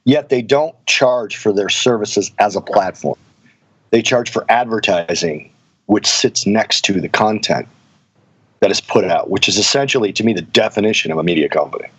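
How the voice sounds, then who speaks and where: A man's voice: lowish voice, animated, normal speed, a bit bright, breathy edge, rough recording. A man co-hosting an investing podcast who rants with strong opinions in a casual way. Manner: opinionated and ranting. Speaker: podcast co-host.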